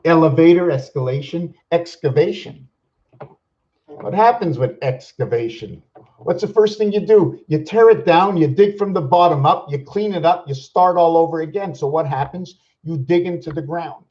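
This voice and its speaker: A man's voice: fairly high pitch, husky. Musing man talking to himself, lo-fi. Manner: musing aloud, rhetorical questions, counting numbers slowly; sometimes loud and worked up. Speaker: channel host. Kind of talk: rambling monologue vlog.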